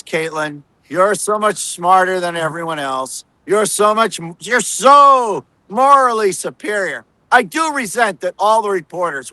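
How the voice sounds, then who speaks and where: Sarcastic American reporter guest, high and bright, dry sound. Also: male voice, no echo, poor audio. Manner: sarcastic, mocking impressions. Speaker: political reporter. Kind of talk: casual political talk.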